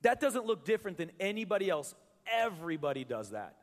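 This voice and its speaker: This male pastor's high-pitched voice is brisk and sing-song. He addresses his congregation in a joking, conversational sermon, repeatedly restarting his words, recorded in an echoing church hall with people present.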